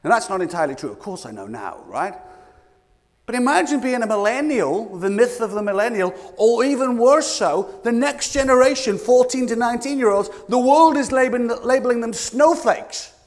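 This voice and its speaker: A British man giving a leadership coaching talk to a live audience, animated, firing questions at the room and acting out what people say. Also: extremely high pitch, normal speed. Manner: animated, asks the audience questions, acts out quotes. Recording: long hall reverb.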